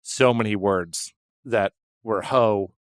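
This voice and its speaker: Dude cohosting a comedy podcast, crude teasing jokes, dry close mic. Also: male voice, on the low side, slow pace, no room sound. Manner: crude, teasing, deadpan asides. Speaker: podcast co-host. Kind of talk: casual comedic banter.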